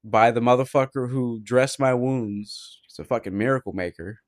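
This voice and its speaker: A man's voice: medium pitch, moderate pace. A man co-hosting a casual gaming podcast, telling rambling stories full of swearing and restarts. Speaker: podcast co-host.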